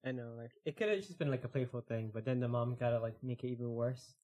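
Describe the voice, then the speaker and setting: A man co-hosting a podcast, chatting casually and reading stories aloud at a slow, relaxed pace with lots of fillers. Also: mid-range voice. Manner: relaxed, filler-heavy, reads stories slowly. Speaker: podcast co-host.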